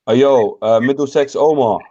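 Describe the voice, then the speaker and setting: A man's voice: mid-range voice, moderate pace, mellow, highs cut off. A man with a Birmingham accent hosting a live stream in a casual, slangy, laid-back chat, often laughing. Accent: Birmingham English. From England.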